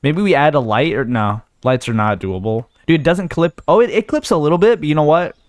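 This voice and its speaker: A man's voice: fairly high pitch, animated, brisk, no echo, studio quality. A young man giving casual let's-play commentary, thinking aloud and talking himself in and out of ideas as he goes. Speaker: gaming video host.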